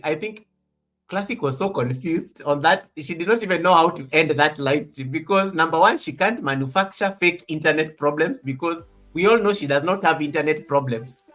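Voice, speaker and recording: A man's voice: fairly high pitch, a bit bright. A man hosting a live stream in casual chat from an office, teasing and laughing often and making mock threats.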